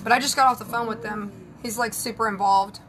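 Doing her hair and makeup on a live stream, a Southern US psychic and spiritual advisor talks openly and casually with her viewers. Her voice is on the high side, fairly quick, with fairly even intonation. The recording is rough.

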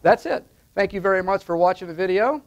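Gravelly man teaching step by step. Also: high-pitched, lively intonation, fast, dull audio. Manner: step-by-step, emphatic, repeats with "okay?". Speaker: online marketing consultant. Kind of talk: instructional talk at a whiteboard.

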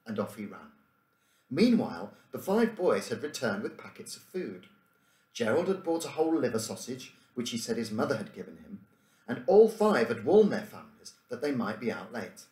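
A man reading a children's book aloud in a measured way, bringing the dialogue to life with lively voices. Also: fairly low pitch. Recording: roomy room echo.

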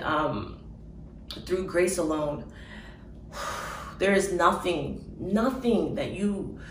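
A woman telling of her dream in an emotional personal testimony, halting with fillers and soft laughs. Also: lowish voice, reverberant, distant mic, slight background noise, low-quality recording.

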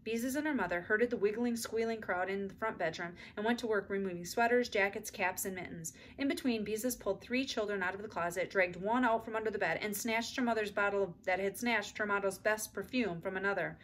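A woman's voice: mid-range voice, fast talker, few pauses, fairly bright tone, slight background noise. Woman reading a children's story aloud.

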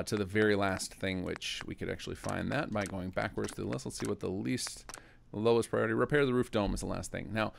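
A man with a gravelly, fry-laden voice that sits a little low, explaining game features in an easygoing, talk-as-you-go way. He is the mod's developer narrating a screen-recorded tutorial, pausing and correcting himself as he navigates menus. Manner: casual, explanatory, thinking aloud.

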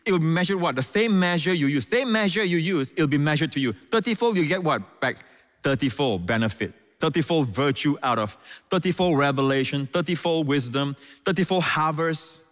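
A man's voice: fairly high pitch, fairly bright tone. A man teaching scripture as a guest on a talk show, emphatic and fond of repeating key words, with frequent fillers. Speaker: pastor and guest.

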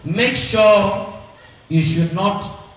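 A high-pitched man preaches a sermon in a call-and-response style, throwing questions back to the crowd. His voice carries through a very echoey hall and sounds set back from the mic. A faint hiss sits under the recording. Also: very slow, a bit bright, far from the mic.

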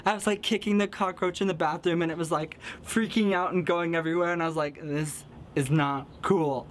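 A young man from the American Midwest, excitable and giggly, telling a casual storytime vlog full of fillers. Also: a little high, fairly quick, a little hiss or hum. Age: young adult. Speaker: vlogger.

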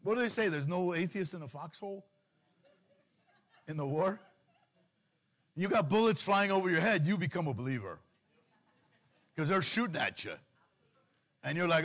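A man's voice: moderate pace, pauses often. A middle-aged man preaching a sermon, switching into pleading cries as he mimics worried believers. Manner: animated preaching, mimics anxious pleas in a higher voice. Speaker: pastor.

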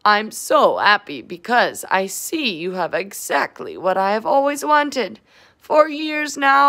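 A theatrical male vampire lists things in a grand, drawn-out voice, as a woman reading a storybook puts him on. He speaks slowly and lifts his pitch on each item. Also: sharp tone, heavily acted.

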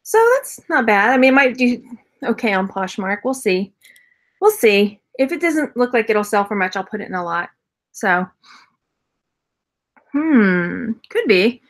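A woman's voice: mid-range voice, lively intonation, a little slow, pauses often. A woman casually chatting through a jewelry unboxing haul as a reseller vlogger, rambling, laughing often and answering viewer comments. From Texas.

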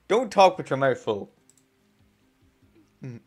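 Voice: medium pitch, animated, a little slow. A young adult gamer casually reading a visual novel aloud, chatting between lines, laughing often and swearing under their breath. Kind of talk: casual let's-play with read-aloud game text.

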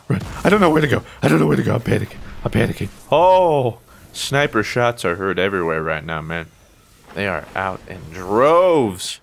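An American man giving casual, excitable commentary over his own gameplay, full of sudden yelps and playful trash talk. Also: mid-range voice, a little hiss or hum. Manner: excitable, yelps and exclaims during fights. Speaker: gaming YouTuber.

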